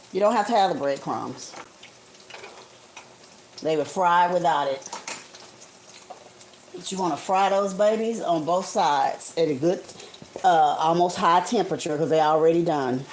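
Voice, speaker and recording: A lowish-voiced woman cooks on her stove during a homey live stream, chatting viewers through a recipe and calling them "honey" and "guys." The recording is rough, with faint kitchen noise and sizzling from the pan.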